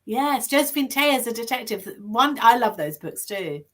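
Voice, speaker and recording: Lively English woman on a call. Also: a little high, moderate pace. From England. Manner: chatty, laughs often, restarts. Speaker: guest author. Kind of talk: conversational interview.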